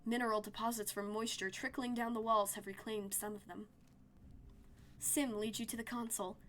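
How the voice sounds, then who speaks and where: A woman streamer reading a narrative game aloud in an expressive, storytelling way. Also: fairly high pitch, normal speed, slight background noise.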